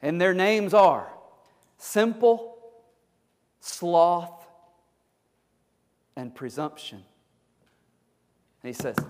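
A man's voice: sits high, lively intonation, extremely slow, pauses often, darkish tone. A male pastor preaching a fervent, exhorting sermon, often repeating his words as he presses a point. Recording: long hall reverb.

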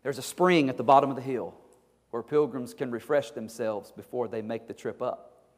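A man's voice: medium pitch, normal speed. A male pastor preaching a fervent, exhorting sermon, often repeating his words as he presses a point. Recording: long hall reverb.

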